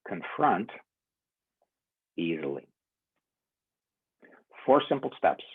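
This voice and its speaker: Brief: male workshop speaker with a husky voice, animated storyteller who acts out dialogue, heard through a thin, phone-like recording. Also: deep voice, extremely slow. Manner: animated, acts out both sides of a conversation. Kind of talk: storytelling conference workshop talk.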